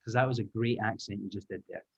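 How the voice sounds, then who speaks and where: A man's voice: lowish voice, steady tone, fast, husky. A man leading an online language-teaching taster class, upbeat and encouraging, explaining sounds step by step. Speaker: English teaching trainer. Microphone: video call. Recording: muffled video-call audio.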